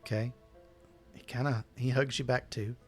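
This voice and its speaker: A man narrating a tabletop game as game master, hesitant and halting but reassuring. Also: mid-range voice, fairly even intonation. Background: faint music.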